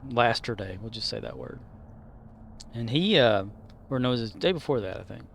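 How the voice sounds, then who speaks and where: A man streaming a game, rambling to himself and now and then yelling at his squadmates. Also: mid-range voice, lively intonation, moderate pace, gravelly, a little hiss or hum. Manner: rambling, talks to himself, shouts at teammates. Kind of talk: casual gameplay commentary.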